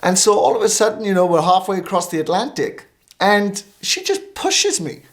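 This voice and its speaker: A male minister, a guest on a talk show, tells a story with lively energy and acts out the voices of the people in it. His voice sits a little high for a man. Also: normal speed. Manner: animated, acting out quoted dialogue.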